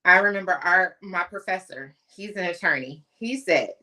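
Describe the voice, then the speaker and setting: A woman's voice: lowish voice, normal speed, few pauses, pushed and bright. A woman from the US West Coast co-hosting a podcast, chatty and emphatic as she tells stories. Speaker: podcast co-host. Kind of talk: casual podcast chat.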